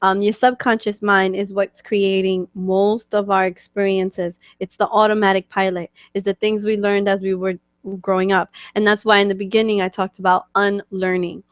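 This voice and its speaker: A woman's voice: mid-range voice, level tone, moderate pace, few pauses, no echo, studio quality. A woman with a New York accent, a spiritual coach answering viewer questions in a casual, chatty teaching talk full of fillers and "okay?" check-ins. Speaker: spiritual coach hosting a webcast.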